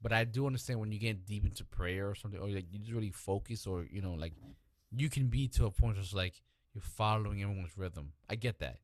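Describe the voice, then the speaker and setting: Animated, profane man in casual talk. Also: on the low side, no room sound, studio quality. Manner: animated, profane, restless, quick to interrupt. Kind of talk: casual chat.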